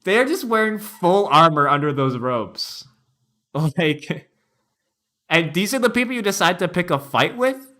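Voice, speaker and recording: Lively joking man streamer. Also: sits high, a little slow. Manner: laughs often, animated and joking. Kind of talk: casual reaction commentary.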